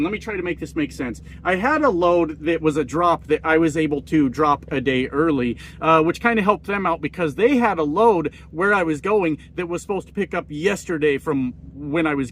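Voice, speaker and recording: A middle-aged truck driver's storytelling is casual, rambling and profane, and he performs the people he quotes in a raised voice. His slightly high, fairly bright voice has lively intonation at a normal pace, with slight background noise.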